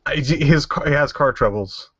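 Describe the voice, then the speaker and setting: A man playing in an online tabletop game, speaking in a slow, halting way. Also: medium pitch, fairly bright tone, muffled recording. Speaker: player. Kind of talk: casual game chat.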